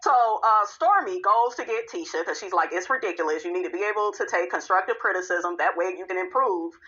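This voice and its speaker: A woman's voice: lowish voice, fairly quick, sharp tone, highs cut off. A woman giving a sassy, casual recap of a reality show, tossing in "honey" and "okay" all the time.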